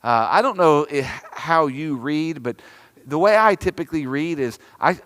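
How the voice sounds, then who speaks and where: A man's voice: a little high, lively intonation, normal speed, fairly bright tone. A man with a Southern American accent preaching a sermon in a conversational teaching manner, stretching out repeated words for emphasis. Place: church sanctuary. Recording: long reverb of a church sanctuary.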